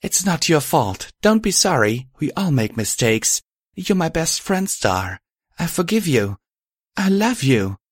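Man voicing a tiny gentle filly. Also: fairly high pitch, very animated, measured pace, breathy edge, dry recording, clean studio sound, pitched above the performer's own voice, exaggerated voice. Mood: tender. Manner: soft, tender delivery. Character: small young female pony, gentle and loving.

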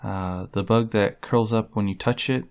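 A man doing a casual tag video, reading words off a list in an unhurried way with frequent "uh" fillers. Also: fairly low pitch, fairly even intonation, vocal fry, clear, resonant tone. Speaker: vlogger.

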